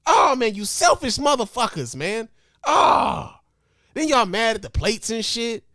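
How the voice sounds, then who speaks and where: High-voiced man ranting on his podcast. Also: measured pace, no room sound, studio quality. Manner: animated, profane, mock-outraged ranting. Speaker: podcast host. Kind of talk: comedic podcast rant. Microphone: podcast microphone.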